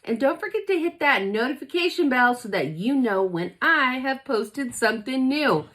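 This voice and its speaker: An upbeat middle-aged woman talks straight to her viewers in a casual sales pitch. Her pitch swings widely as she chats. She keeps checking in with a quick "okay?". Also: animated, fairly bright tone. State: out of breath. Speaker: direct sales consultant. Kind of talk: casual direct-to-camera pitch.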